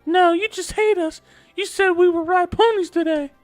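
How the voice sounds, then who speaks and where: Pria menirukan gadis kecil yang merengek dengan suara tinggi. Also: male voice, fairly even intonation, moderate pace, no room sound, soft background music. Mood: pleading. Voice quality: high, whiny, pleading. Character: little girls pleading with their father. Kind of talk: reading game dialogue aloud.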